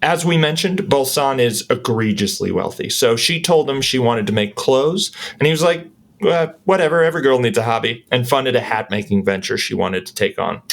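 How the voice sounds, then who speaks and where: Gravelly-voiced male podcast co-host. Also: mid-range voice, animated, normal speed, few pauses. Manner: laid-back, crude banter. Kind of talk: casual comedic history chat.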